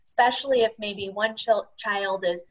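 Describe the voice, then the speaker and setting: A woman's voice: mid-range voice, normal speed, low-quality recording. A woman moderating an online masterclass, relaying audience questions in a friendly way with fillers.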